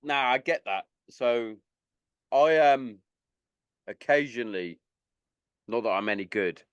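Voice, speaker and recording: A man's voice: medium pitch, slow, clear, resonant tone, no room sound, muffled recording. A man hosting a podcast, chatting candidly and rambling a little, slightly tipsy. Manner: rambling, candid, swears freely. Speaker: podcast host. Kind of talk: casual podcast chat.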